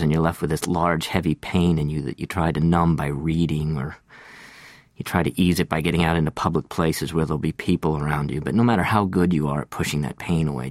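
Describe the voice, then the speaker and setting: A man reading a literary first-person monologue, slow and reflective, lingering over details. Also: deep voice, no room sound, clean studio sound.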